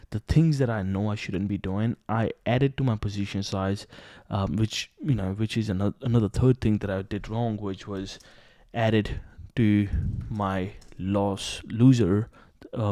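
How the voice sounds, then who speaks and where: A man walking through a day-trading loss on screen, candid and animated, swearing casually and acting out his own thoughts. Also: mid-range voice, dry recording. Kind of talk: screen-recorded trade review.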